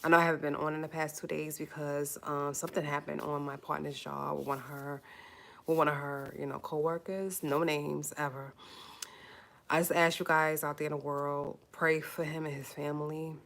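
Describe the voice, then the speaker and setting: A woman with a low voice talks straight to her livestream viewers in a casual, earnest way. She repeats phrases, pleads with her audience, and fights back tears. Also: level tone, moderate pace, creaky, fairly bright tone. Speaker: YouTube livestream host.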